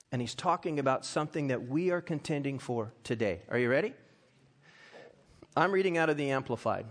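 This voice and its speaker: A middle-aged male pastor with a slightly high voice preaches a sermon, reading scripture and telling stories that climb to loud, impassioned peaks.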